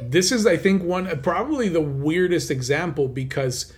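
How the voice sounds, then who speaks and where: A man's voice: on the high side, expressive, moderate pace. A man co-hosting a countdown list show, talking in an enthusiastic, loose way with lots of casual fillers. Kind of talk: casual chat.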